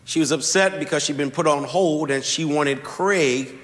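A man preaching a sermon, telling a story with slow, deliberate emphasis. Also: fairly high pitch, a bit bright. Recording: long hall reverb.

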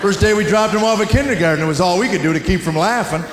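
A man's voice: sits high, fast, very noisy. A man in his fifties doing a stand-up comedy routine, telling folksy, wry stories full of rhetorical questions. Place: large hall with a laughing audience. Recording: roomy live hall recording. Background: audience laughter.

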